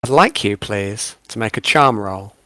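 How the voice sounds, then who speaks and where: A man's voice: fairly low pitch, lively intonation, a little slow, pushed and bright, no room sound. A man narrating a tabletop game as game master, with frequent hesitant ums.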